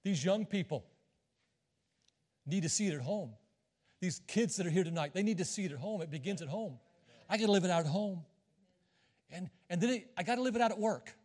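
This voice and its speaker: A man's voice: sits high, animated, fairly quick, pauses often, darkish tone. A middle-aged man preaching a sermon as a visiting missionary, folksy and joking with the congregation. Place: church sanctuary. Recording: long reverb of a church hall.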